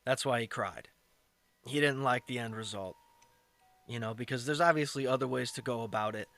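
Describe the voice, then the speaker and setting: A man offers casual, blunt commentary on a clip, lecturing and tossing in profane asides now and then. His voice is mid-range and fairly bright, at a normal speed, with soft music playing in the background.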